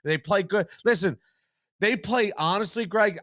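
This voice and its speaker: A man's voice: high voice, a little slow, a bit bright, no echo. A man hosting a live postgame sports reaction stream, fired-up and blunt, swearing freely and repeating his points. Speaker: sports talk host.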